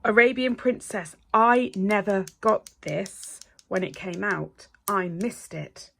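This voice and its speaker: A middle-aged woman, chatting casually as a nail technician. She gushes and gets excited, and sometimes drops to a breathy whisper. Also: mid-range voice, takes it slowly. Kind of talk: casual unboxing chat.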